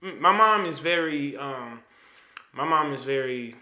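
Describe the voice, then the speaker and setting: Man in his thirties, bright tone, fairly high voice, lively slangy storytelling. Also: unhurried. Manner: animated, slangy, retells dialogue. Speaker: podcast guest. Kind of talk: casual storytelling. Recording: roomy echo.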